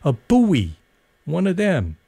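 A man's voice: fairly high pitch, wildly swooping pitch, slow pace, creaky, warm tone, slightly rough, dry recording, pitched above the performer's own voice, heavily acted. A man reading aloud and voicing a playful young man in uniform who teases children with mock-serious jokes. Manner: joking, mock-serious banter.

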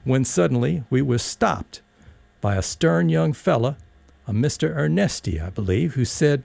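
Brief: male audiobook narrator, very gravelly, husky, wry storyteller. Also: medium pitch, lively intonation, measured pace, darkish tone, no echo. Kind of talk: audiobook reading, first-person story.

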